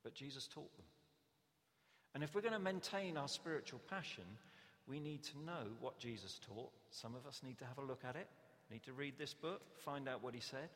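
A man preaching a sermon in a church, conversational and animated, often acting out the voices he quotes. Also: mid-range voice. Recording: long reverb of a church hall.

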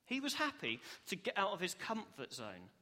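A man's voice: high-pitched, wildly swooping pitch, moderate pace, bright, forceful tone. A young man preaching a sermon in a church hall, earnest and upbeat, acting out the reactions he describes. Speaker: preacher, cell group leader. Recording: long hall reverb.

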